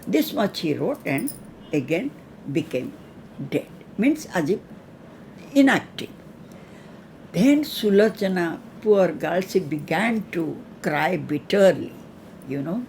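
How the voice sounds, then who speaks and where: A woman retelling a mythological story in a slow, halting, earnest way. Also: fairly low pitch, animated, darkish tone, a little hiss or hum.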